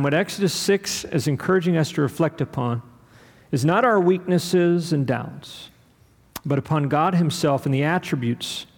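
A man preaching a sermon, rhythmic and building to loud, emphatic peaks. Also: fairly high pitch. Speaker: pastor. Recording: long hall reverb.

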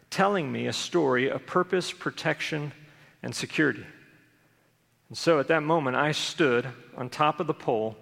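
Gravelly preacher in a reverberant hall. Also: male voice, fairly high pitch, fairly bright tone. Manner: storytelling preacher, acts out inner voices. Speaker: pastor. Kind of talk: sermon.

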